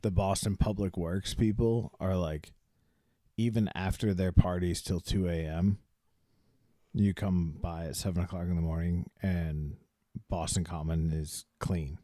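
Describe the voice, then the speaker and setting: A man's voice: sits low, steady tone, unhurried, dark tone, no echo, studio quality. A man co-hosting a casual podcast, laid-back and swearing in passing. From Maine. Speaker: podcast co-host. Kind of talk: casual chat.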